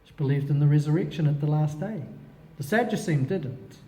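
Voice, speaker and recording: A man leading a Bible study, animated, asking himself questions and dropping in Hebrew words. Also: on the high side, brisk, long reverb tail. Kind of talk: expository Bible teaching.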